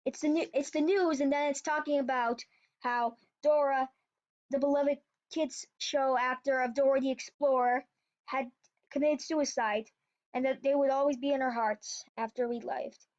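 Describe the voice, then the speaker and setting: A woman's voice: high-pitched, fairly even intonation, normal speed, darkish tone. A woman retelling a creepypasta in a casual, rambling way, often correcting herself. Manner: rambling, with restarts and self-corrections. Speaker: storyteller. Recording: dull lo-fi recording.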